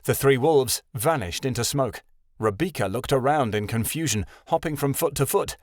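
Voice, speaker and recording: A man narrating a fantasy audiobook in an expressive reading style. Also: medium pitch, normal speed, no room sound, clean studio sound.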